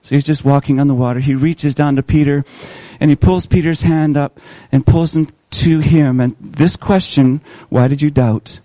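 Fairly high-voiced male preacher, close and dry. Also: steady tone, warm tone, no room sound, rough recording. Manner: asks the congregation questions, slows for emphasis. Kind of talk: sermon.

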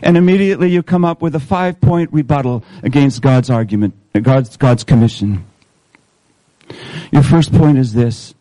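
A man's voice: mid-range voice, moderate pace, warm tone, dry recording, poor audio. Earnest man preaching a guided-imagination sermon. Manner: earnest, repeats words when restarting. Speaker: pastor. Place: church service.

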